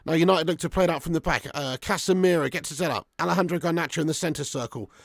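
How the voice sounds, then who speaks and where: A man hosting a live football watch-along, commentating on play and chatting with viewers. He swears a lot and swings between excited shouting and flat grumbling. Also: a little high, fast, creaky, no echo, clean studio sound. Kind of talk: live match commentary and fan chat.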